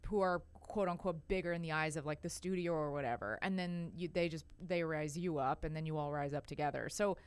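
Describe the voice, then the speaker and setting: A woman speaking as a podcast guest, talking in a rambling, animated way with many fillers. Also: low-pitched, fairly quick, hardly any pauses, clean tone, dry recording. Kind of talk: casual conversation.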